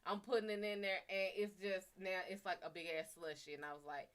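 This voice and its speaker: Bright-voiced woman telling a story on a stream. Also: lowish voice, level tone, a little fast. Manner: profane, chatty, talks to viewers. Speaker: livestream host. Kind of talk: casual storytelling on a livestream.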